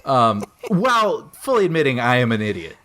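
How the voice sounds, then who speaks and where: Animated, laughing male storyteller. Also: medium pitch, moderate pace, noisy background. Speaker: podcast co-host. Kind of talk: casual chat, anecdote telling.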